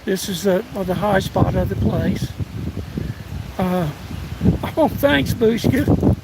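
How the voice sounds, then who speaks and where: Hoarse, gravelly older man in the woods. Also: high voice, animated. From United States. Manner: folksy, halting, thanks viewers by name. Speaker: live streamer. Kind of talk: casual live-stream chat. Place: outdoors in windy woods. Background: faint wind and rustling leaves.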